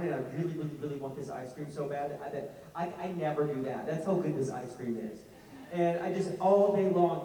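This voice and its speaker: A man's voice: a little high, a little hiss or hum. Rambling Southern man in an echoey hall. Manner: rambling, self-mocking, animated asides. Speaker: convention panel guest. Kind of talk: casual storytelling to an audience. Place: large convention hall. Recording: echoey hall, heard from far off.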